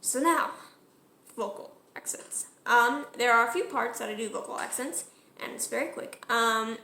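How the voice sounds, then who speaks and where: A woman's voice: on the high side, normal speed, creaky, bright, forceful tone, roomy sound. Chatty woman explaining her cover. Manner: chatty, self-correcting, sings short phrases to demonstrate. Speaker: music cover creator. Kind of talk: casual tutorial explanation.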